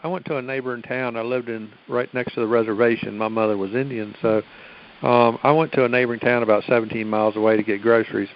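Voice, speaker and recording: A man from Virginia with a Southern twang, telling halting stories as a caller on a group call. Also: mid-range voice, steady tone, lo-fi sound. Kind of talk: casual group call chat.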